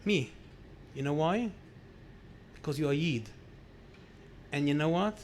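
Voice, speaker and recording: A man voicing a secretive Soviet doctor who asks pressing questions in a quiet, firm way. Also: fairly high pitch, expressive, measured pace, a little hiss or hum. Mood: earnest.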